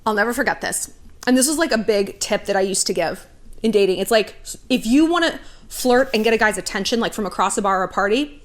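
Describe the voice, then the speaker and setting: A woman's voice: mid-range voice, fast talker. A woman in her thirties giving frank dating advice on her vlog, brash and profane, acting out little quoted voices. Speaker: YouTube dating advice host.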